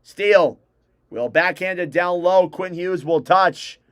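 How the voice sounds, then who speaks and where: Young guy doing hockey play by play on a stream, highish voice, clean and dry sound. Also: fairly bright tone, clean tone, no room sound. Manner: rapid name-calling play-by-play, self-correcting. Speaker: fan livestream play-by-play host. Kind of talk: live hockey play-by-play commentary.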